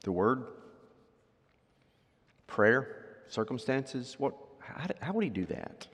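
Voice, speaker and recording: Male pastor, lively sermon delivery, medium pitch, long hall reverb. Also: takes it slowly, breathy edge. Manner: lively, rising to loud emphatic readings then dropping to quiet asides; asks the congregation questions.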